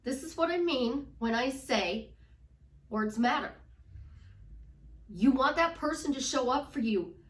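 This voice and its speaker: A woman's voice: sits high, expressive, measured pace, long pauses, echoey room, recorded from a distance. A woman life coach talking emphatically and acting out her clients' doubts in quoted voices. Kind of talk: casual motivational talk.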